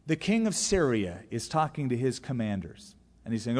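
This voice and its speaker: A man preaching a sermon as a pastor, telling the story in a lively way and briefly acting out the characters' lines. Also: mid-range voice. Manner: animated storytelling, acting out the characters in quick voices. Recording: long hall reverb.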